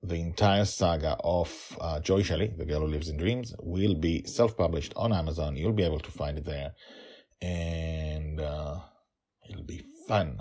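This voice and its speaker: A male podcast host chatting excitedly and then narrating a fantasy story, often repeating words for emphasis. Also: very deep voice, unhurried.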